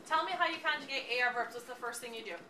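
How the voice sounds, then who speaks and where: A woman's voice: sits high, racing, sharp tone. A woman teaching a classroom lesson, encouraging and often checking that the class understands. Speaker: Spanish teacher. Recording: echoey classroom from far off, background noise.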